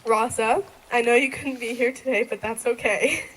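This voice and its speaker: A woman's voice: fairly high pitch, steady tone, normal speed, slight background noise, poor audio. Giggly teen girl giving a graduation speech. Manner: giggly, laughing often between sentences. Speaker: graduating student. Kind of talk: graduation thank-you speech.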